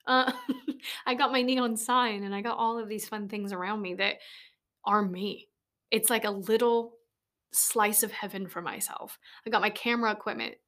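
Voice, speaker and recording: A woman's voice: medium pitch, fairly even intonation, moderate pace, fairly bright tone. A woman in her late twenties hosting a casual solo podcast, blunt and rambling, swearing often and laughing easily, recorded on a studio mic in a small converted shed. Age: late 20s. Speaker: podcast host. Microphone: studio microphone.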